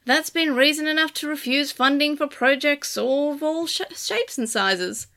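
A man's voice: very high-pitched, a little slow, creaky, bright, forceful tone, voice pushed up, heavily acted. A woman voicing a distracted, grumbling male assistant professor in a storybook reading, with a grunting, curt way of talking.

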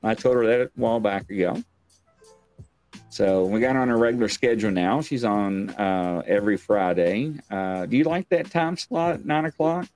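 A man with a lowish, slightly mellow voice hosts a live online talk show from his home stream set, speaking at a moderate pace. He chats casually, rambling, joking and poking fun at himself, with soft music playing in the background.

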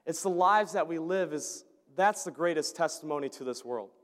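A fairly high-voiced man shares a heartfelt church testimony, stumbling and repeating words as he goes. His voice rings out with the long reverb of a large hall. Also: expressive. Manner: earnest, halting, repeats words, chuckles often. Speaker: churchgoer giving a mission trip update. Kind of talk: storytelling sermon testimony.

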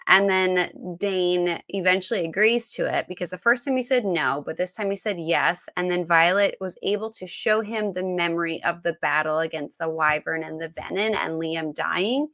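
A woman's voice: on the low side, moderate pace, few pauses, a bit bright, no room sound. A young woman co-hosting a podcast, recapping a novel in a frank, casual way with casual swearing. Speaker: podcast co-host. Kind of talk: casual book chat.

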